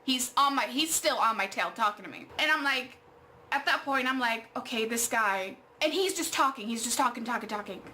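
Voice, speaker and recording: A young adult woman, an art vlogger, tells an exasperated storytime at home, full of fillers and swearing. Her voice sits on the high side and sounds expressive, pushed and bright, moving fairly quickly. There's slight background noise.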